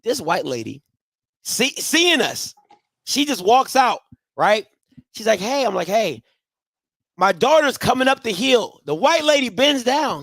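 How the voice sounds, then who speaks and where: A man with a lively, swooping voice tells stories in a casual podcast chat, mimicking the voices of the people he describes. The sound is dry and close. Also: fairly high pitch, unhurried, dry recording. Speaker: co-host.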